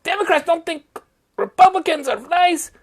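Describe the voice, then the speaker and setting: A woman's voice: very high-pitched, lively intonation, normal speed. A woman hosting a satirical news podcast, talking in a playful, sarcastic sing-song way with mock cheering and clipped, broken-English asides. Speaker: podcast host.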